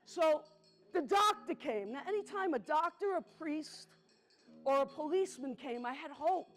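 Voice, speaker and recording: High-pitched middle-aged new woman doing a solo stage show, chats right at the audience, soft music behind. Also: lively intonation. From the Bronx, New York. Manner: conversational, talks directly to the audience, slows for emphasis. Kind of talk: theatrical storytelling to a live audience. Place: theatre stage.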